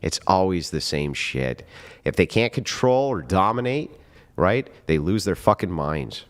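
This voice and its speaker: A man's voice: deep voice, very animated, unhurried. A man giving heated, profane commentary after a debate, emphatic and mocking.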